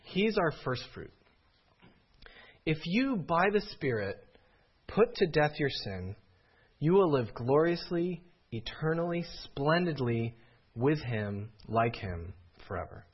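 A man delivering a sermon in a slightly husky voice whose pitch swings widely as he preaches. His manner is earnest, building to pleading cries. The recording sounds dull and a little lo-fi. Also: very animated, takes it slowly. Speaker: pastor.

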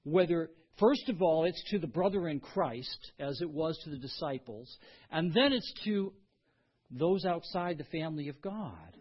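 Earnest male pastor, higher voice, preaching in swells from hushed to emphatic. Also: expressive, unhurried, slightly rough. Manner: earnest, swings between quiet lows and emphatic rises. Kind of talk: sermon. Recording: dull lo-fi sound.

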